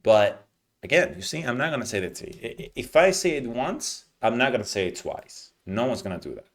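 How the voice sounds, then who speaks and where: A man teaching English pronunciation, explaining patiently and modeling words slowly with clear stress. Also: mid-range voice, sing-song. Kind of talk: teaching lesson, explaining reading aloud.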